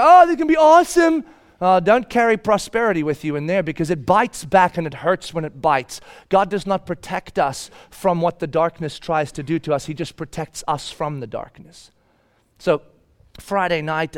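Middle-aged guy preaching, high voice, tells stories and acts them out loud. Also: normal speed. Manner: storytelling, acting out his own shouting. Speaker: pastor. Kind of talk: sermon.

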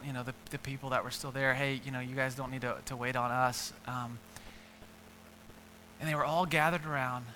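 A man's voice: medium pitch, pushed and bright, big-room sound, a little hiss or hum. A man preaching a sermon in a church, earnest and emphatic, often repeating words and building up lists. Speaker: pastor.

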